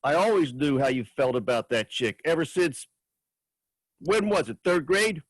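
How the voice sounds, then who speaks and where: A man's voice: a little high, animated, moderate pace, no echo. A man reading aloud and voicing a talkative, caring adult woman friend, emphatic and streetwise. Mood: coaxing.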